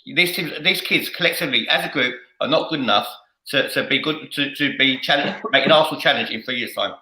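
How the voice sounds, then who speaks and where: A man hosting a fan show with a loud, boisterous manner, repeating himself and laughing often. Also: medium pitch, brisk, echoey room, rough recording. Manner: boisterous, repetitive, laughs a lot. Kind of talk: heated fan podcast debate.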